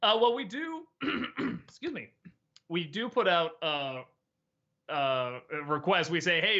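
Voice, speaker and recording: A man's voice: fairly high pitch, bright, forceful tone, dull audio. A middle-aged man answering viewer questions in a casual livestream chat, rambling, laughing often and swearing freely.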